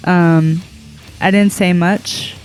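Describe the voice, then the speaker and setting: A podcast co-host talks slowly and hesitantly, pausing on fillers while working through a thought. The chat is relaxed, with faint music behind it. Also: medium pitch, rough recording. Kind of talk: casual chat.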